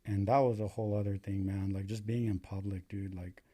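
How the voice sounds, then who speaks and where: A young man from the US, a paramedic on as a guest, tells his story a little fast. His voice is low-leaning and mellow, the delivery flat, and the talk is profane and filler-heavy, with "dude" and "like" everywhere.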